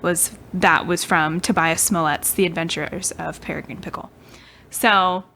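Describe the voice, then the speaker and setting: A woman's voice: lowish voice, steady tone, measured pace, pushed and bright, a little hiss or hum. A young woman co-hosting a podcast, telling a story in a casual, chatty way, often giggling and trailing off mid-sentence. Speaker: podcast co-host.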